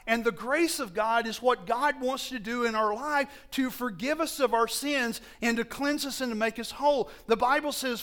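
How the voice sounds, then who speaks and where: A man preaching a sermon to a congregation, slow and emphatic, often asking them questions and correcting himself as he goes. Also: very high-pitched, bright, forceful tone.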